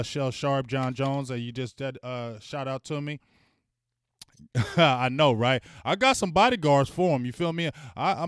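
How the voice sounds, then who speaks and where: A man hosting a fan channel, ranting bluntly and with plenty of swearing as he heckles rival fans and shouts out viewers in his live chat. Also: medium pitch, clean tone, no echo, clean studio sound. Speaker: sports fan channel host.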